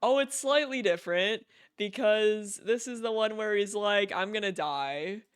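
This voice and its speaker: A male streamer chatting casually, easily excited and quick to laugh, often cutting himself off mid-thought. His voice is high for a man and comes through smooth and clear. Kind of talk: casual chat.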